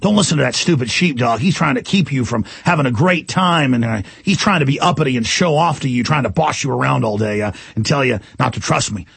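A man voicing a sly male wolf who coaxes sheep in a hushed, wheedling tone. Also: lively intonation, gravelly, husky, no room sound, full character voice. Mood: coaxing. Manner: hushed, wheedling, low and quick.

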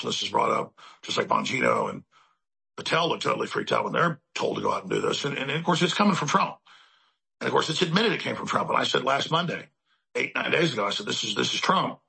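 A man's voice: medium pitch, creaky, pushed and bright, slightly rough. A male host delivering a rambling, emphatic political commentary monologue, piling up repetitions as he talks. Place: studio in Central Texas.

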